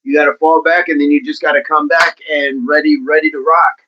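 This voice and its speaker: A man hosting a fitness livestream in a casual, upbeat way, chatting and giving playful shout-outs to viewers by name. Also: fairly high pitch, little pitch movement, a little fast, muffled recording, background noise. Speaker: livestream host of a fitness channel. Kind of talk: casual livestream chat, reading out viewer comments.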